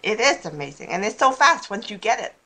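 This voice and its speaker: A woman's voice: medium pitch, big pitch swings, fairly quick, pushed and bright. A woman speaking as a guest in a casual podcast interview, rambling and restarting her sentences, often laughing. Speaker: guest speaker on law of attraction.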